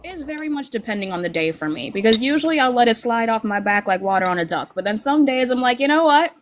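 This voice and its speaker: A woman's voice: fairly high pitch, expressive, quick pace, slight background noise. A woman guest on a casual online panel, talking in a sassy, playful and candid way.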